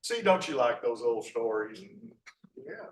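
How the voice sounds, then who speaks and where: This middle-aged man's mid-range voice is expressive and unhurried as he rambles through a folksy local history slide lecture, with asides and frequent "uh" restarts. The lecture hall sounds echoey, recorded from far off, with a little hiss or hum.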